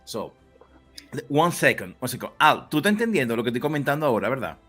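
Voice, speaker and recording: A man from the Republic, hosting a casual chat in an animated, rambling way that often breaks off mid-thought. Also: medium pitch, rapid-fire, breathy edge, faint music behind. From Dominican Republic. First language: Spanish. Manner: animated, rambling, self-interrupting. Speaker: podcast host. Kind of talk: casual conversation.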